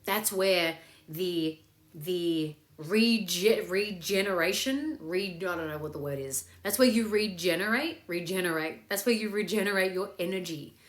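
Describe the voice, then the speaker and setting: A woman's voice: lowish voice, measured pace. Chatty upbeat woman in an echoey room. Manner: chatty and upbeat, swears freely. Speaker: meditation host. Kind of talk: casual live chat leading a meditation. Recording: echoey room with faint music.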